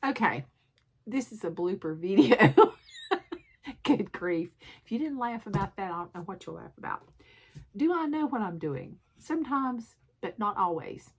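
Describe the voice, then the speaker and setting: A woman with a sore throat, rambling and poking fun at herself as she shows off her stitching in a chatty show-and-tell vlog, clearing her throat often. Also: medium pitch, big pitch swings, measured pace. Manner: rambling, self-deprecating, frequent throat clearing. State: sore throat, sucking a cough drop. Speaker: cross-stitch vlogger.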